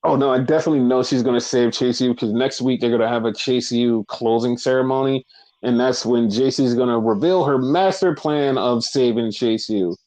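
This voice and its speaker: A man's voice: medium pitch, normal speed, a little mellow, low-quality recording. A man co-hosting a wrestling podcast, telling the week's events in loose casual chat, full of fillers and swearing. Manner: loose, profane storytelling with lots of fillers.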